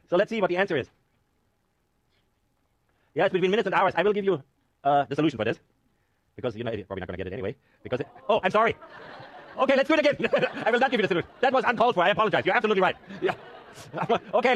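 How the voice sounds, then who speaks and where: A man's voice: high voice, dull audio. A man giving a university lecture with a live class demo, joking and teasing his students as he works through the numbers. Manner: joking, animated, self-mocking. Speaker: university professor. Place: lecture hall.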